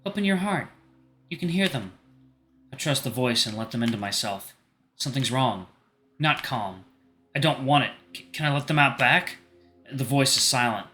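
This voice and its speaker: A man's voice: medium pitch, animated, moderate pace, long pauses, bright, forceful tone, faint music behind. A man reading as Kurt, an anxious, earnest teenage boy. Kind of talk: reading a visual novel aloud.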